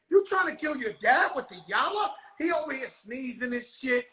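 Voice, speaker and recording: Loud, bright-voiced rowdy man host. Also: extremely high pitch, animated, moderate pace, hardly any pauses, reverberant, rough recording. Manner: rowdy, profane storytelling with shouted bursts. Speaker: show host. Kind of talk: casual chat.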